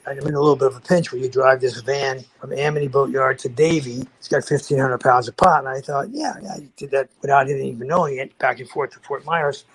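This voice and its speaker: A man's voice: medium pitch, fairly quick, hardly any pauses, slightly rough, low-quality recording. Older male podcast guest, casual raconteur; rambles, restarts, voices the people in his story. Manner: rambling, animated storytelling with acted-out quotes; frequent restarts and fillers.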